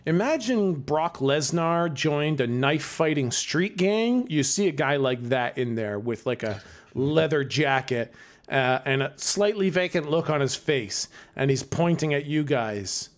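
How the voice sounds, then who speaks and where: A man's voice: fairly high pitch, lively intonation, measured pace. A man acting as game master who narrates the scene in a casual, profane style.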